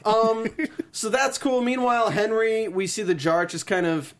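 A man with a notably high voice talks through a TV episode with his co-host in a loose, joking way. He tosses in quips and playful sound effects as he goes. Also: fairly even intonation, a little slow. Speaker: podcast co-host. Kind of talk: casual TV recap chat.

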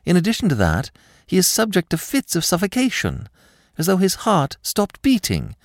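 A man's voice: on the low side, very animated, normal speed, no echo, clean studio sound. Man doing a frightened young French lady. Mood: fearful. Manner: anxious, breathless pleading. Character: frightened young French woman, about twenty.

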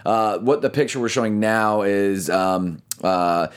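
Man, low-pitched, casual fight recap, co-host, animated, restarts sentences. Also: a little slow, smooth. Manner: animated, talks through scorecards with restarts. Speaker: boxing show co-host.

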